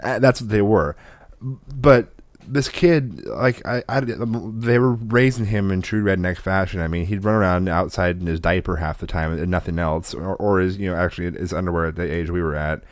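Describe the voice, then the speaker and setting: Low-voiced man telling rambling stories. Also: normal speed, no echo, studio quality. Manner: rambling storyteller, laughs often. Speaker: podcast co-host. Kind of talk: casual chat.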